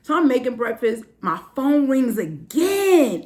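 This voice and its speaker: A woman from New Jersey hosts a storytelling monologue, her voice high and full of wide, lively swings. She acts out every part of the story and calls out to her listeners in casual slang. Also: measured pace, few pauses. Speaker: host.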